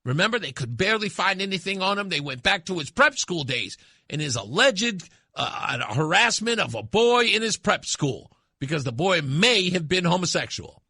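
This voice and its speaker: Male radio host, bright and cutting tone, dry booth sound, emphatic commentary. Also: high voice, very animated, moderate pace, husky, no echo. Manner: emphatic and impassioned, swings from loud to hushed. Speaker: radio talk show host.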